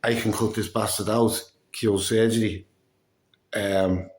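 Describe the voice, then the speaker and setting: In a casual vlog, a man tells a story in a fairly low, darkish voice, flat and slow, in an echoey room. He sounds breathless and worn out, swears often, and acts out what other people said.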